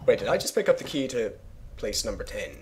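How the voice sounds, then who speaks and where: A man's voice: medium pitch, very animated, brisk, a little mellow, slight background noise. A young man giving casual, rambling game commentary as a let's play host, sarcastic and swearing freely.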